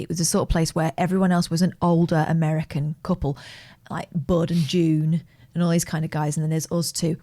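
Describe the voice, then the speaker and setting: Woman co-host, lower voice, dry humour, chatty storyteller. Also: mellow. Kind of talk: casual chat, storytelling.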